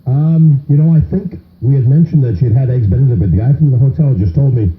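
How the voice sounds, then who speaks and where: A middle-aged male talk radio host rambles through jokes and banter with callers, often cutting himself off mid-sentence. His voice sits at a medium pitch. The sound is thin and phone-like, with a roomy echo. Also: fast. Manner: jokey, rambling, self-interrupting. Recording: tinny phone-like radio broadcast in an echoey studio.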